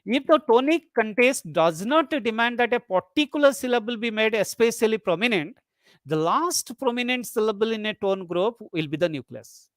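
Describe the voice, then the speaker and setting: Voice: mid-range voice, animated, normal speed, no echo, clean studio sound. A lecturer teaching a webinar, explaining step by step, repeating key terms and reading example sentences aloud. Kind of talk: webinar lecture on English intonation. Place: online webinar.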